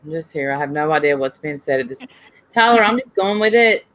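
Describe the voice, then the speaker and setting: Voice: mid-range voice, animated, a little fast, a bit bright. An adult in casual chat, talking hesitantly and trailing off. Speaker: chat participant.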